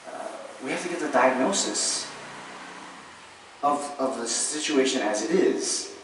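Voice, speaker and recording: A man teaching a Buddhist class in a conversational way, often checking in with his students and acting out ordinary views in quick asides. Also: mid-range voice, expressive, fairly bright tone. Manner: conversational, checks in often with "right?" and "you understand?". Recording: echoey hall, distant, faint hiss.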